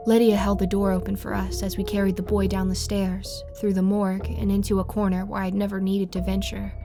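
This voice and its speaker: Brief: female horror narrator, mid-pitched, steady read over faint music. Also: a little fast.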